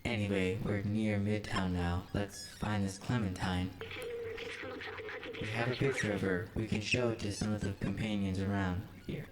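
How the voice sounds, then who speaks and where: A man voicing a small melancholy robot companion, reading its lines in a flat, earnest robot voice. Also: fairly low pitch, normal speed, natural voice, rough recording. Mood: determined.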